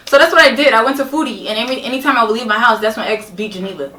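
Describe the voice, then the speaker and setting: A young woman telling a story as a podcast guest, animated, emphatic and profane. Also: on the high side, very fast, a little hiss or hum. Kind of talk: casual storytelling. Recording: roomy echo, distant mic.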